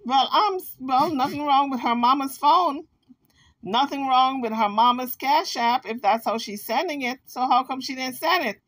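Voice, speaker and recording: A woman vlogger giving chatty, sassy, animated commentary on an argument. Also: high-pitched, normal speed. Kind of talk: casual commentary recapping drama.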